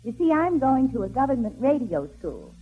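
An actress playing a sassy young woman in a 1940s radio comedy, delivering slow, teasing put-downs. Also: high-pitched, big pitch swings. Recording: tinny old radio broadcast.

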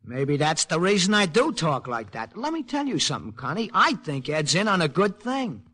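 An actor playing a tough-talking, streetwise war veteran who narrates the story in a 1940s radio drama, full of slang and wisecracks. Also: male voice, a little high, huge pitch swings, normal speed, bright, forceful tone, heavily acted. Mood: insistent. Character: wisecracking streetwise man, war veteran, gruff but kind. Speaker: narrator and lead character.

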